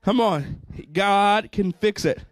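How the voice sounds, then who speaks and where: Fervent high-voiced pastor preaching. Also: male voice, takes it slowly, no room sound. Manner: fervent, repeats phrases, call-and-response. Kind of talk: sermon.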